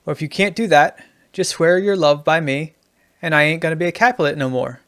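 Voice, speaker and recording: Tough New York Juliet, gravelly and loud, a man doing the voice. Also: a little high, a little fast, no room sound, clean studio sound. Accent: New York, put on. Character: Juliet as a streetwise New Yorker.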